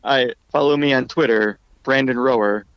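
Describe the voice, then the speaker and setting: A man's voice: medium pitch, normal speed, clear, resonant tone, no room sound, muffled recording. A man, a podcast guest, speaking hesitantly in casual chat.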